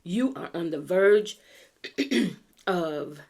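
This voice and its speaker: Woman, American accent, low voice, tarot reader, chatty and earnest, clearing her throat now and then. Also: lively intonation, darkish tone. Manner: chatty, earnest, slows down to read cards aloud. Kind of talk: pick-a-card tarot reading.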